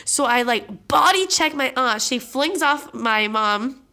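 A woman's voice: high-pitched, slow pace. A young woman co-hosting a podcast, telling a family story in casual, profane chat full of fillers. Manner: animated, profane, lots of "like" fillers. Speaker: podcast co-host.

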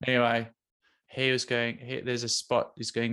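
A man's voice: mid-range voice, completely flat delivery, moderate pace, a bit bright, clean tone. A man co-hosting a podcast, joking and rambling through stories in casual chat. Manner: jokey, rambling storyteller. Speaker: podcast co-host.

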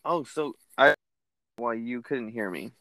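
A young man in casual conversation, rambling through an animated story and cursing freely. His pitch sits mid-range for a man. The sound is close and dry, with no room around it. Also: unhurried, dry recording. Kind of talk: casual chat.

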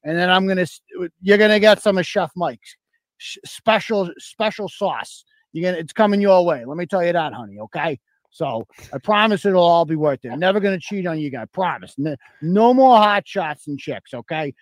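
Guy doing a shady husband rambling on a voicemail, kinda high voice, dry sound. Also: expressive, normal speed, no echo. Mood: smarmy. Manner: rambling, sheepish confession full of fillers. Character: sleazy scheming husband leaving a voicemail.

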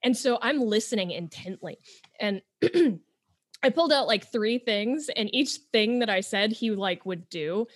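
A woman co-hosting a writing podcast, animated and casual, swearing freely. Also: mid-range voice, unhurried. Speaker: podcast co-host. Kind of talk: casual chat.

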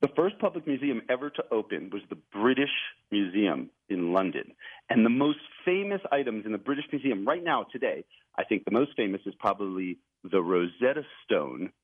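A man's voice: lowish voice, very animated, normal speed, breathy edge. A man, an author and journalist, talking as a guest in a radio interview, telling his story eagerly and chuckling now and then. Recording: tinny phone line.

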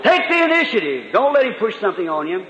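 High-voiced preacher in an echoey hall. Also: male voice, wildly swooping pitch, fast talker, dull audio, a crowd in the background. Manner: folksy storytelling, rising to fervent exclaiming. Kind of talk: sermon with testimony.

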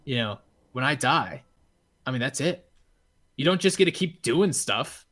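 A man telling a story in a casual podcast chat, animated and swearing freely, with lots of fillers. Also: medium pitch, unhurried.

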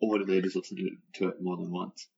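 A man's voice: low-pitched, level tone, quick pace, creaky, darkish tone, dull audio, a little hiss or hum. A man co-hosting a casual podcast, joking and laughing often. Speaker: podcast co-host. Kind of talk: casual chat.

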